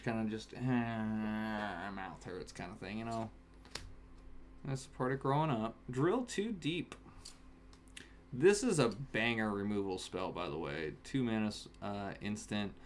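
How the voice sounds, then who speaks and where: A man casually chatting on a home stream while opening card packs, breaking into excited shouts over good pulls. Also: fairly low pitch, unhurried, slight background noise. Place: home, in Alaska. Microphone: webcam setup.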